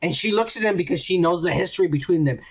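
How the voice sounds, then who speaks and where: High-voiced man ranting with profanity. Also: fast talker, husky. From United States. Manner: repeats points for emphasis. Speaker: podcast co-host. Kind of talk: casual podcast chat.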